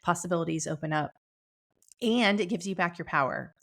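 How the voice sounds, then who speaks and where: Creaky-voiced upbeat middle-aged woman host. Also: lowish voice, a little fast, fairly bright tone. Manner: upbeat, chatty, laughs often. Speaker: podcast host. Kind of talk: casual wellness talk. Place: home room with bookshelf.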